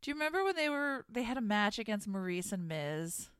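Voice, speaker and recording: A woman's voice: mid-range voice, big pitch swings, brisk, clean tone, no room sound. A woman co-hosting a podcast, chatting casually about wrestling with wry, dry asides. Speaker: podcast co-host. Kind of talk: casual chat recapping wrestling.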